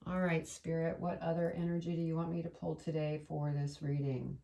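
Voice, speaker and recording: A woman leads a relaxed tarot reading, wandering from thought to thought and speaking aloud to spirit between cards. Her voice sits low and has a gravelly edge. She is recorded from a distance, with a clear layer of background noise. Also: brisk. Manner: chatty, meandering, addresses spirit aloud. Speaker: tarot reader. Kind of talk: casual tarot reading to camera.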